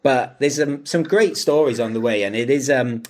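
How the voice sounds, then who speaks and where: A man's voice: mid-range voice, normal speed, darkish tone. A man co-hosting a casual podcast, rambling with many fillers and restarts and laughing often. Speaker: podcast co-host. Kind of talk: casual chat.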